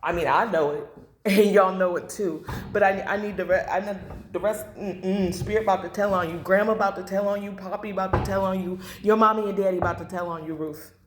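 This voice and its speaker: A woman's voice: mid-range voice, steady tone, a little fast, background noise. Woman, tarot reader, blunt, repeats herself, echoey room. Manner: blunt, emotional, repeats phrases, swears. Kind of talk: angry tarot reading to camera.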